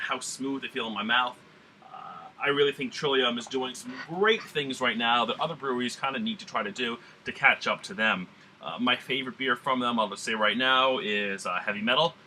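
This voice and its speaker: A man's voice: mid-range voice, sharp tone, a little hiss or hum. A man talking in a put-on Southern drawl, reviewing a beer in a casual, rambling way with lots of fillers and some blunt swearing. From New England.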